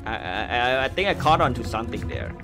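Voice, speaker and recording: A man's voice: mid-range voice, very animated, brisk, vocal fry, over music. A man giving casual gameplay commentary as a channel host, joking and teasing playfully.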